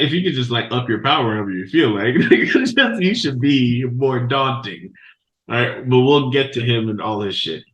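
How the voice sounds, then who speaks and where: A man hosting a podcast, recapping a show in a loose, profane, animated storytelling way. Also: fairly low pitch. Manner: profane, animated storytelling with laughs and quoted voices. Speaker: podcast host. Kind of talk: casual recap of an anime episode. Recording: echoey room.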